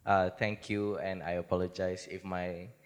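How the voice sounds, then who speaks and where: A man's voice: low voice, level tone, a little slow, smooth. Eager young guy from ipoh malaysia asking a panel question, lots of uhs, long hall echo. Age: young adult. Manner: eager, hesitant fillers, mixes Malay and English. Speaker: audience member asking a question. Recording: echoey hall.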